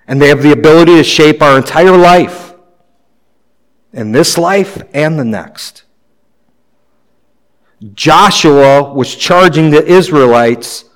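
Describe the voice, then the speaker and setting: A pastor preaching a sermon in a conversational way, with light humor. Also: male voice, fairly high pitch, poor audio.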